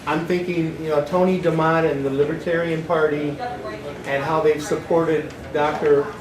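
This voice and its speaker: A man's voice: a little high, level tone, normal speed, crowd noise. A man from the audience asking a question at a meeting, hesitant and thinking aloud. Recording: roomy hall with background noise.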